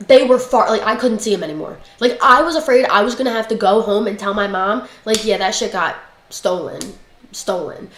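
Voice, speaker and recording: A young woman telling a story in a casual, blunt, chatty way, swearing freely as she talks. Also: fairly high pitch. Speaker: livestream guest. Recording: roomy echoey room.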